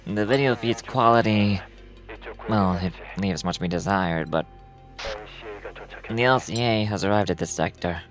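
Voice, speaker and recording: An actor playing a composed, formal male researcher who explains things in a measured, polite way. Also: on the low side, faint music behind, natural voice.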